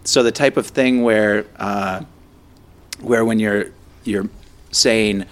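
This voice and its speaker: A man's voice: fairly low pitch, steady tone, slow pace, long pauses. A man co-hosting a podcast in casual chat, joking and rambling with restarts. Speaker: podcast co-host. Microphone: studio headphones and microphones.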